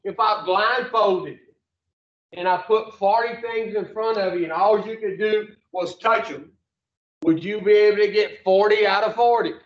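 Brief: high-voiced man, slow delivery, speaks to a group from a distance in an echoey room. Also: fairly even intonation. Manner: folksy, profane, asks the room questions. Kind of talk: blunt motivational talk to a group. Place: room with a small audience. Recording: roomy, distant, dull mic.

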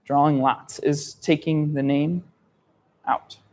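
A man's voice: on the high side, level tone, takes it slowly, darkish tone. A man telling a simple story to young learners, repeating words, spelling them out and checking understanding with "okay?".

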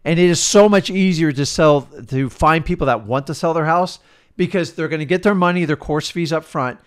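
A middle-aged man coaching in an emphatic, worked-up rant, swinging between loud bursts and quiet asides. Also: fairly high pitch, moderate pace, clear, resonant tone. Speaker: real estate coach.

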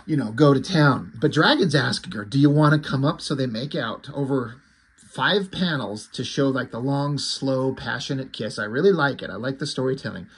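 A man casually recapping a comic book, excited, loose and a bit profane. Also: medium pitch, moderate pace, breathy edge.

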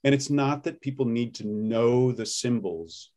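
A man's voice: medium pitch, measured pace, a little mellow. A man in a casual interview, talking through his teaching methods as an accent coach. His delivery is loose and explanatory, often stopping to give examples. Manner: explanatory, loose and laughing easily.

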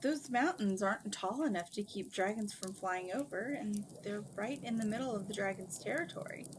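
A woman voicing a practical young princess who talks in a brisk, matter-of-fact way. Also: medium pitch, noisy background, lightly acted.

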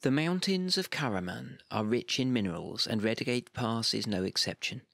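A man narrating scripted game lore in a steady, measured reading voice. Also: medium pitch, vocal fry, no room sound, clean studio sound.

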